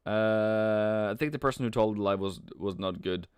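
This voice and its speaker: A man hosting a live trading stream, talking casually and playfully as he answers chat with frequent halting restarts. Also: fairly low pitch, clear, resonant tone, dry recording, studio quality. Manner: chuckles often, halting restarts. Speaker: trading livestream host. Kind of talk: casual live market commentary.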